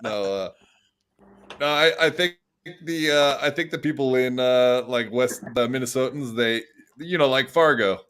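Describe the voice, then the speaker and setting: Guy hosting a podcast, ribbing his buddies, swears lots, normal pitch. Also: unhurried, fairly bright tone, clean tone. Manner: joking, teasing, profane. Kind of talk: casual podcast chat.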